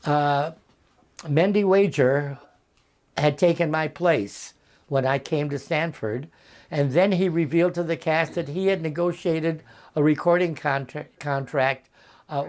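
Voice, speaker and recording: A man in his eighties, a veteran actor being interviewed over a video call from his home, telling stories in an unhurried way and acting out the voices of the people in them. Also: a little high. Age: 80s. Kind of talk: anecdotal storytelling.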